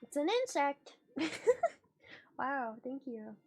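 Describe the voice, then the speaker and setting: A woman streamer chats casually on a livestream, excitable and playful, rambling and swearing offhandedly as her voice leaps up and down in pitch and loudness. She speaks slowly, with faint music in the background.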